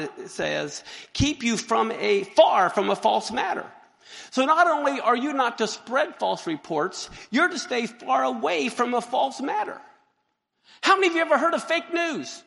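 Man, pastor, sermon, high pitch, gravelly, joking and animated, long hall echo. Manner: animated, joking, exclaims and laughs often. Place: church sanctuary.

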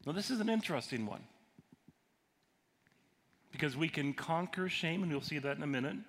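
A man's voice: fairly high pitch, animated, normal speed. Conversational man preaching in an echoing hall. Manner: conversational, quizzes the audience. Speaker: pastor and counselor. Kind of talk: sermon teaching. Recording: long hall reverb, faint noise.

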